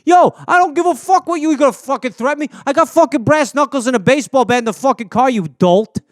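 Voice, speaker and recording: A man's voice: high-pitched, very animated, normal speed, no echo, studio quality. A man playing a foul-mouthed, belligerent male tough guy, in a comedy bit. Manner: swearing, threatening, belligerent.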